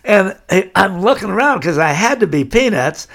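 A man's voice: high-pitched, animated, moderate pace, gravelly, fairly bright tone. An older man from California, telling long anecdotes in an interview and chuckling as he goes. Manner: rambling anecdotal storyteller, chuckles. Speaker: guest. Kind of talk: storytelling interview.

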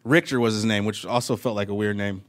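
A man working through a stand-up set on a live stage. He tells loose, rambling stories into a handheld mic and keeps breaking into his own laughter. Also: lowish voice. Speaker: stand-up comedian. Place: live comedy stage before an audience.

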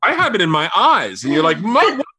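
A comedian telling rapid, profane family stories on a podcast and acting out his relatives' voices. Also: sits high, wildly swooping pitch, bright, forceful tone, slight background noise. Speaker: comedian guest. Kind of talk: animated storytelling on a podcast. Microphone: remote call mic.

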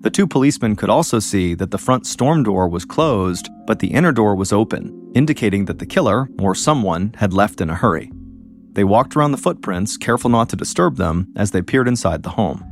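A man hosting a podcast, telling a true-crime story in a measured, suspenseful scripted narration. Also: lowish voice, lively intonation, soft background music. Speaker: podcast host.

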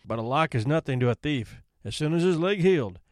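An expressive male storyteller reads a classic tale with a lively, swooping delivery in a slightly high voice. The recording is close and dry, with no room sound. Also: fairly quick, no room sound. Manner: expressive, theatrical reading. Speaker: narrator. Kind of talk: storybook narration.

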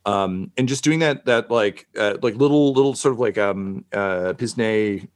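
A man's voice: lowish voice, normal speed. A man narrating as game master in a rambling, profane, casual way.

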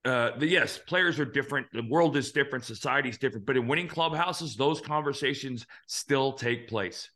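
Bright-voiced man telling stories. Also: medium pitch, moderate pace, few pauses. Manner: earnest, animated storyteller who swears now and then. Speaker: podcast host. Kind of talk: casual storytelling chat.

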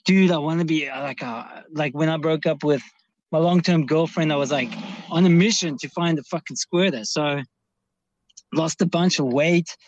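A man's voice: on the high side, moderate pace, highs cut off, a little hiss or hum. A young man calling in, telling a long story in a rambling way with heavy swearing and many restarts. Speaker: caller. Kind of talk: casual storytelling.

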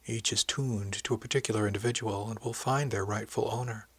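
A man voicing a frightened young village wife who speaks softly and hesitantly, with a husky voice. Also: lowish voice, fairly even intonation, a little fast, no room sound.

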